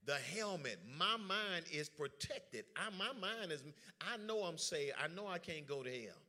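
A man preaching a lively sermon, joking with the congregation and calling for their responses. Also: a little high, unhurried. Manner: lively, joking, drawls informal speech.

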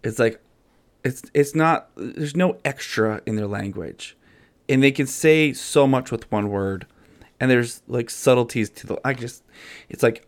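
A man's voice: medium pitch, a little slow. A man, a construction contractor, chatting earnestly on a podcast with many restarts. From Canada. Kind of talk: casual podcast chat.

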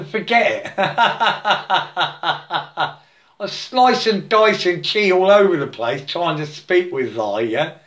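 A man giving a halting, repetitive spiritual monologue, breaking into chanted mantras and laughing to himself. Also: high voice, lively intonation, a bit bright.

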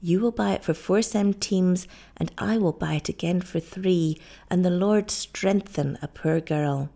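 A woman's voice: fairly low pitch, a little slow, creaky, warm tone. A woman voicing a desperate young wife in an audiobook reading, pleading with breathless urgency. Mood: urgent.

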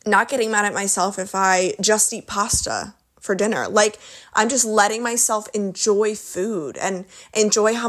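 A woman's voice: medium pitch, fairly bright tone. A young woman hosting a solo podcast, talking candidly in a chatty, rambling way, full of "like" and self-corrections. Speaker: podcast host.

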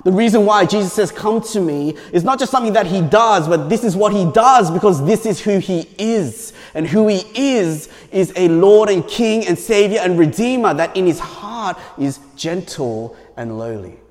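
A man's voice: high voice, lively intonation, moderate pace, few pauses, in a large hall. A male pastor preaching a sermon in a conversational way, often checking in with "right?". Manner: conversational, frequent "right?" tags.

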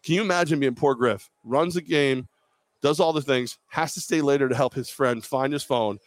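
A man's voice: medium pitch, moderate pace, no room sound. A man co-hosting a live podcast, telling a long self-deprecating story in casual chat. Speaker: podcast co-host. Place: bar or venue, live show.

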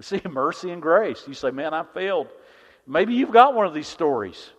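A man preaching a sermon as pastor, impassioned, swinging from loud declarations to hushed, intimate lines. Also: a little high, sing-song, normal speed. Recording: dull, reverberant hall sound.

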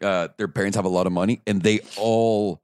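A young man from Mexico, a native Spanish speaker, hosting a casual podcast chat, animated and profane, ranting and mimicking people. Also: lowish voice, fast talker, smooth, no echo, studio quality. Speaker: podcast host.

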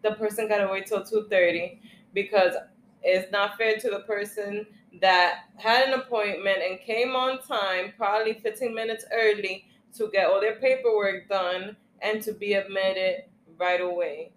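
A woman's voice: mid-range voice, steady tone, normal speed, slight background noise. A young woman co-hosting a casual chat, using slang and laughing easily. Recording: echoey room.

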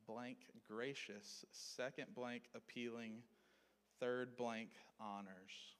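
A man's voice: mid-range voice, steady tone, takes it slowly, clean tone. Man teaching a Bible lesson in a hall. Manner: conversational, checks in with listeners.

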